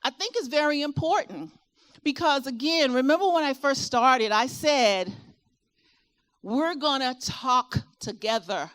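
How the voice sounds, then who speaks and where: Middle-aged woman from Virginia with a Southern twang, high-pitched, an animated expo speaker. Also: measured pace. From Virginia, USA. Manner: animated, asks the audience questions, rising and falling delivery. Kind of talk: motivational talk to a live audience. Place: expo hall with a live audience.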